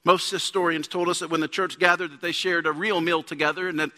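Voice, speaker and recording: High-voiced, bright-toned preaching man in a hall. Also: level tone, fast. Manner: conversational preaching, rising to emphatic peaks. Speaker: pastor. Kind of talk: sermon. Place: church sanctuary. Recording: long church hall reverb.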